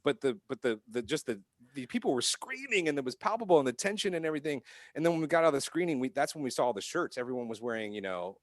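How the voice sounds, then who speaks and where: A man's voice: mid-range voice, fast talker, no echo. Dry-sounding man telling profane stories. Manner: profane, animated anecdotes with frequent restarts. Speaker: podcast co-host. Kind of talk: casual chat, storytelling.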